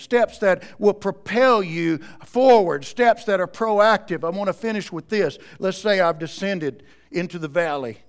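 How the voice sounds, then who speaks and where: Smooth-voiced preaching man. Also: sits high. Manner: preaching with wide swings between quiet and loud. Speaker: pastor. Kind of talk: sermon. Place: church.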